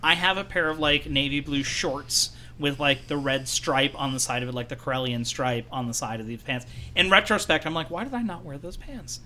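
Bright, excitable man chatting casually. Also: medium pitch, moderate pace, hardly any pauses, slight background noise. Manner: animated and enthusiastic, laughing often; rambling, with many fillers. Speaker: returning podcast co-host. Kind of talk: casual podcast chat.

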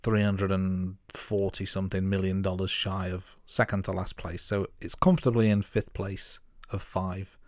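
Low dry-voiced Midlands man. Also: flat delivery, normal speed, few pauses, darkish tone, no echo. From English Midlands. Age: young adult. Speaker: podcast co-host. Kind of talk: casual chat.

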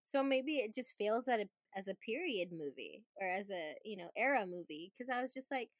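A woman's voice: mid-range voice, lively intonation, moderate pace, no echo. Brief: woman, mid-range voice, chatty podcast co-host, dry close mic. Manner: chatty, lots of "like", laughs often. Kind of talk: casual movie review chat.

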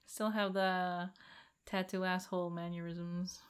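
A woman's voice: fairly low pitch, level tone, unhurried, clear, resonant tone. A Filipina woman with an American accent, co-hosting a casual podcast chat, blunt and teasing and swearing freely. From Philippines. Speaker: podcast co-host.

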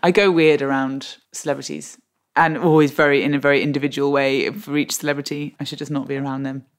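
Low-voiced woman telling funny stories. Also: fast talker. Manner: animated comic storyteller, laughs often. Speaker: guest. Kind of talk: podcast interview.

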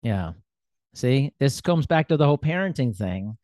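A man's voice: medium pitch, sing-song, moderate pace, a little mellow, dry recording, clean studio sound. A man hosting a casual interview, chatty and self-deprecating, with lots of fillers. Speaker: podcast host.

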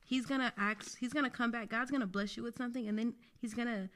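A woman's voice: on the high side, steady tone, fast, a bit bright. A young woman co-hosting a faith podcast, talking in an earnest, reflective way full of "like" fillers. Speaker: podcast co-host. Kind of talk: casual faith podcast chat.

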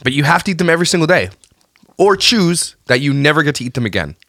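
A man's voice: fairly high pitch, sing-song, quick pace, fairly bright tone, dry recording, studio quality. A man co-hosting a podcast, chatting in a joking, rambling way. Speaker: podcast co-host. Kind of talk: casual chat.

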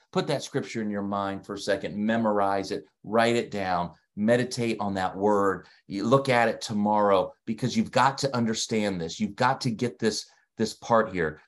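A man's voice: fairly low pitch, moderate pace. A man in his forties with a Delaware accent, preaching an online sermon with emphatic repetition and frequent calls to the listeners. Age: 40s. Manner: emphatic, repeats key phrases, asks listeners to respond. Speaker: pastor. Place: streamed online service.

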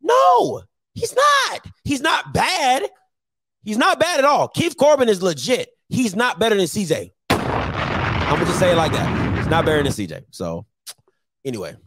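A man's voice: high-pitched, very animated, moderate pace, fairly bright tone, slightly rough. A man on a sports talk show, arguing his point insistently and repeating himself for emphasis. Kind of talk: heated sports debate.

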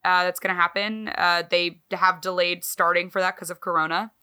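A woman co-hosting a podcast in casual chat, talking in an animated, swearing, self-mocking way. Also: lowish voice, moderate pace, clean tone. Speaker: podcast co-host.

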